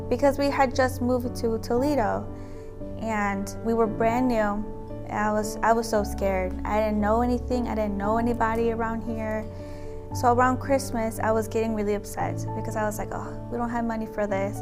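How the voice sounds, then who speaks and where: A young woman telling her own story as a pregnancy center client, chatty and emotional, full of gratitude. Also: mid-range voice. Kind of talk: testimonial video.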